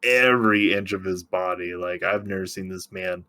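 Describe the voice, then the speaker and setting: A man co-hosting a podcast, recapping a TV episode in casual, excitable chat, swearing freely. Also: low-pitched. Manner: excitable, swearing, recapping scenes with quick impressions. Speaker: podcast co-host.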